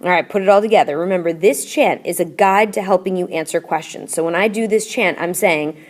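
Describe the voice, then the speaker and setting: A woman's voice: on the low side, fairly quick. A woman teacher in a recorded classroom video lesson, explaining patiently and repeating drills and chants. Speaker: Spanish teacher.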